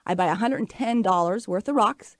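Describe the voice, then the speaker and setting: Talking fairly quickly at medium pitch, a late-forties woman from the Pacific Northwest US relates a personal story on her radio talk show. The casual monologue is upbeat, earnest and chatty, recorded in a studio with no room sound.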